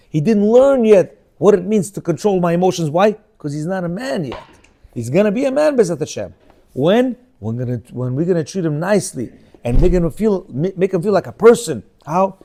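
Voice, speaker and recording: A man's voice: fairly high pitch, a little fast. A man in his fifties teaching an informal religious class, telling stories and acting out the dialogue. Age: 50s. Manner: animated storyteller, acts out dialogue in changing voices; asks listeners rhetorical questions.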